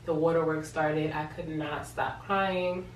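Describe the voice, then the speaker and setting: A woman's voice: sits low, fairly even intonation, a little slow. Emotional young woman, echoey storytelling vlog. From New York. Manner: emotional, repeats words for emphasis. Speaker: vlogger. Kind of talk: casual personal storytelling. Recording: echoey room, from a distance, faint hum.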